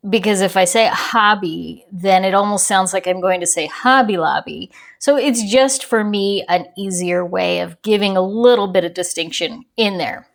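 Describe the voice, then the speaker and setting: A woman's voice: mid-range voice, moderate pace, vocal fry, few pauses. A woman hosting a crochet channel, giving a casual yarn review in a chatty, rambling way that wanders off on tangents. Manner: chatty and rambling, digresses with small laughs.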